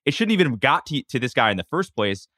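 A man co-hosts a podcast in casual chat, reacting with disbelief and thinking out loud. His voice is bright and forceful at a middle pitch. The recording is close and dry. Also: very animated, fast talker, dry recording. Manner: incredulous, thinking aloud. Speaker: podcast co-host.

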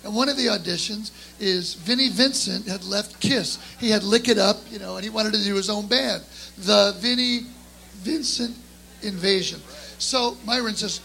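A middle-aged man and drummer telling an animated story to a live audience, acting out the voices of the people in it. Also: high-pitched, moderate pace, gravelly, poor audio. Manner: lively, acts out the voices in his story. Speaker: guest drummer.

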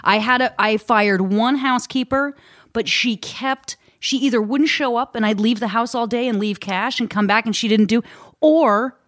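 A chatty woman telling self-deprecating stories in a relaxed conversation. Her voice is somewhat high. The sound is dry, with no room echo. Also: normal speed. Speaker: podcast co-host. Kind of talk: casual chat.

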